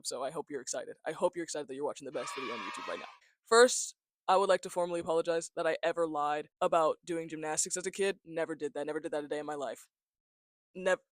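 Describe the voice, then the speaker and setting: A man's voice: high-pitched, a bit bright, no room sound. A nineteen-year-old man chatting casually to camera, a little congested, joking and self-mocking as he talks into a tiny handheld mic held close. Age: young adult. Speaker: vlogger. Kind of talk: casual talking-head chat. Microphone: small handheld mic, close.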